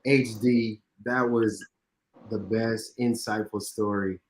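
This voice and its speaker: A man's voice: lowish voice, fairly even intonation, slow, a little hiss or hum. A man in his thirties, a podcast co-host, talking in an emphatic way and repeating phrases for stress. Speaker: podcast co-host, former teammate. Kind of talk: casual chat.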